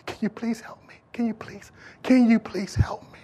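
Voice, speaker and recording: A man voicing a broken, weeping woman who begs for help in a hushed, stammering whisper during a sermon. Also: high-pitched, steady tone, moderate pace, slight background noise, close to an everyday voice. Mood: desperate.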